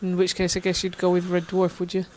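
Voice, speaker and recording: A woman's voice: lowish voice, monotone, fast talker, darkish tone. Giggly, teasing young Englishwoman. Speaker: podcast co-host. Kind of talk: casual chat.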